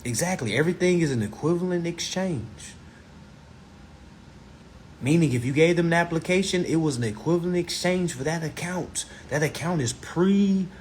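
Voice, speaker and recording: A man's voice: on the high side, normal speed, a little mellow, a little hiss or hum. A man giving a casual live-streamed teaching, emphatic and repetitive, with rhetorical questions and blunt profanity.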